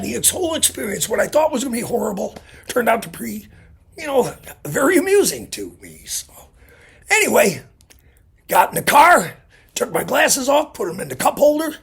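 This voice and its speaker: A man tells a rambling story for his vlog, chatty and full of asides. His voice is very raspy and gravelly, and his pitch swings widely as he talks. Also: a bit bright. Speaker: vlogger. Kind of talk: casual storytelling. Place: Illinois.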